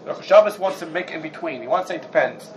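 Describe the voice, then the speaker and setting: High-voiced man giving a Talmudic lecture. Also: racing, slight background noise, poor audio. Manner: animated, rhetorical questions, mixes Hebrew and Yiddish terms. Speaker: Torah class teacher.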